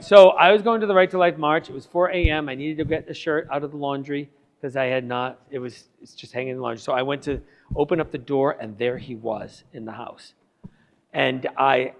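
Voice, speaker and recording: Male priest, animated, high-ish voice, laughing, long hall reverb. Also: moderate pace. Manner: animated, laughing, acting out dialogue. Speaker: priest teaching a catechism class. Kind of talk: casual classroom storytelling.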